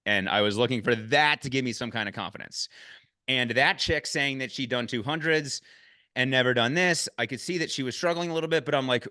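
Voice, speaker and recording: Male podcast host, mid-pitched, animated storyteller with sudden excited jumps, dry recording. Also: fairly quick, dry recording. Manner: excitable, swears, bursts up in pitch when excited. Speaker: podcast host recapping a race. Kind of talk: casual chat.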